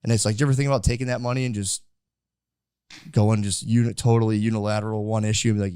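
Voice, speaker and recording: A man's voice: lowish voice, little pitch movement, very fast, warm tone, clean tone, no room sound, studio quality. A man in his thirties hosting a casual podcast interview, rambling with lots of fillers. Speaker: podcast host.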